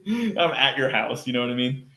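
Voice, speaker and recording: A man from Texas tells a story as a podcast guest, loose and animated, leaning on fillers as he acts out what people said. His voice sits at a middle pitch for a man. The room around him is noticeably echoey. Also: fairly quick, gravelly. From Texas, United States. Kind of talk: casual storytelling. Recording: roomy echo.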